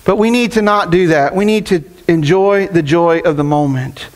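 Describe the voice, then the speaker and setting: A man's voice: high-pitched, normal speed. A middle-aged man preaching a sermon as pastor, telling family stories in a conversational way and laughing often.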